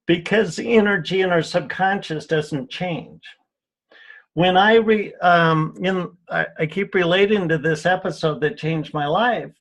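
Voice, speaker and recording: A man with a notably high voice speaks as a guest on a radio interview. He tells personal stories earnestly, often repeating words and restarting his sentences. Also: unhurried, fairly bright tone. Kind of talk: radio interview, spiritual healing talk. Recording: radio show audio.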